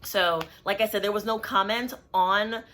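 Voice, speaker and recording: A woman's voice: mid-range voice, steady tone, normal speed, bright, forceful tone, faint music behind. A woman who works as a clinical social worker, talking candidly and casually to her viewers, with plenty of fillers. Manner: candid, conversational, many fillers. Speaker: licensed clinical social worker and therapist, channel host. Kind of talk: casual talk to camera.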